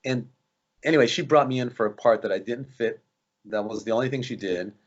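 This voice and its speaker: A man's voice: medium pitch, a little fast, muffled recording. A man, an actor guest, telling anecdotes in a casual interview and acting out the voices of people he quotes. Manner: animated, acts out quoted voices.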